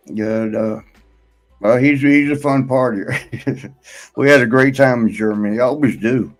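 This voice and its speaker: A middle-pitched man who talks in a relaxed, drawling way and cracks teasing one-liners between laughs. Faint music plays in the background. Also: a little slow, pauses often. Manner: laid-back, teasing, laughs often, short quips. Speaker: podcast host. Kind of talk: casual chat.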